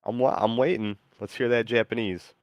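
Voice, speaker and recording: A man hosting a casual stream and talking to an AI, with a halting, filler-heavy delivery. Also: mid-range voice, steady tone, no room sound, muffled recording. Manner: halting, full of fillers and restarts. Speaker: streamer host.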